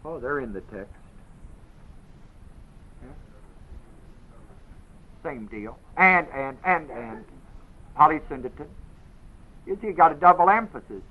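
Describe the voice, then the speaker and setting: A man's voice: on the high side, lively intonation, slow, pauses often, phone-quality sound, a little hiss or hum. A man teaching a Bible class. He reads verses with heavy emphasis and keeps putting questions to his listeners.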